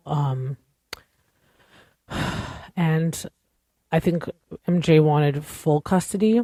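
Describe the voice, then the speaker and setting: She draws out her words and leaves long pauses, her low, mellow voice recorded at studio quality with no room sound. The woman hosts a podcast, chatting through a show recap in a candid, opinionated, rambling way with frequent "like" and "you know."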